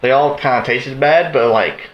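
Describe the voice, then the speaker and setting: A man's voice: mid-range voice, moderate pace. Rambling agreeable man, echoey lo-fi audio. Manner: rambling, agreeable, many fillers. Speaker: podcast co-host. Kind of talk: casual chat. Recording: echoey room, dull lo-fi sound.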